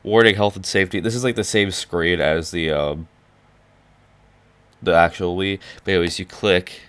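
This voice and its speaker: A young man with a low voice that has gone hoarse, clearing his throat now and then. He rambles casually through a walkthrough, full of "like" and "um" and half-finished restarts. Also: a little slow, fairly bright tone. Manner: rambling with many "like" and "um" fillers. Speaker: hobby programmer showing his projects. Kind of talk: casual screen-recorded walkthrough.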